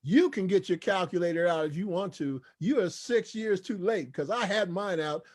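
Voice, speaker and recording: A man's voice: high voice, normal speed, darkish tone. A man giving an enthusiastic sales presentation, preaching with repeated hype and call-and-response asides.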